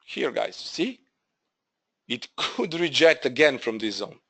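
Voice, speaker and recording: Slow-talking man presenting a trading webinar. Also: mid-range voice, very animated, a bit bright. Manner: halting, repeats himself, addresses viewers as "guys". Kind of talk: live trading webinar walkthrough.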